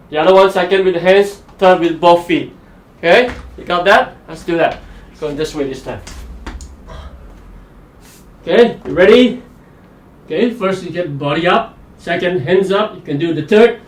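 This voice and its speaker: Energetic man coaching a workout. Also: high-pitched, echoey room. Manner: energetic, motivational, pushes through exercise while talking. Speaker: golf fitness coach and show host. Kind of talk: live-streamed workout and golf tips.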